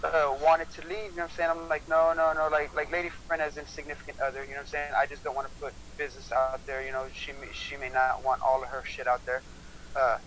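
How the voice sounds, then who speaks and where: A man's voice: medium pitch, completely flat delivery, a bit bright, a little hiss or hum, low-quality recording. A man telling a heated story on a casual livestream chat, swearing often and repeating himself. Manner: profane, heated, fast-talking.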